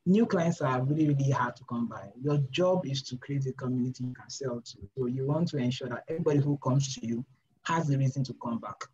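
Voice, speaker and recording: A man's voice: mid-range voice, fairly quick, a little mellow. A young man coaches freelance designers in a loose, informal session. He hammers his points home, repeating phrases and firing off rhetorical questions at his listeners. The recording sounds slightly dull and lo-fi, with faint noise underneath. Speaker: design mentor. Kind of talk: informal talk in a live review session.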